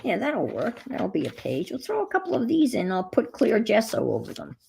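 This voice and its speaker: A woman's voice: on the high side, wildly swooping pitch, fairly quick, gravelly, dark tone, slight background noise. A woman hosting a casual live chat while crafting, rambling as she goes and greeting viewers by name. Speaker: craft livestream host.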